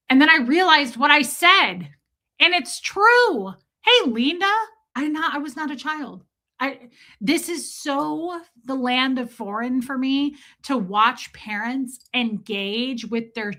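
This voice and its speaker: A woman's voice: on the high side, sharp tone. A woman in her thirties hosting a live stream, chatting casually, telling a story with exaggerated quoted voices and reading out viewer comments. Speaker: livestream host.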